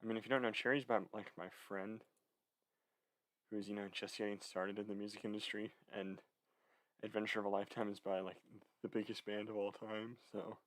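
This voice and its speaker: A man's voice: lowish voice, little pitch movement, fairly quick, no room sound. A young man chatting casually to camera, rambling with many fillers and slightly out of breath. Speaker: vlogger. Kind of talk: casual chat.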